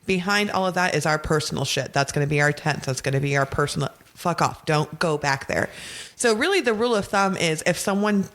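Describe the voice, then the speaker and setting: A woman's voice: deep voice, brisk. A woman guest in casual podcast chat, laughing often and swearing freely as she explains things. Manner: laughing, profane, animated storyteller.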